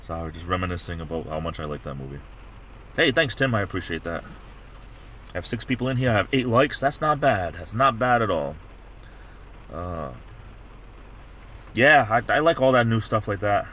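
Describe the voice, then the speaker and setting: Rambling middle-aged man, lowish voice. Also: sing-song, normal speed, long pauses, fairly bright tone, a little hiss or hum. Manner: rambling, chatty, many restarts. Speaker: livestream host. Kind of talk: casual chat.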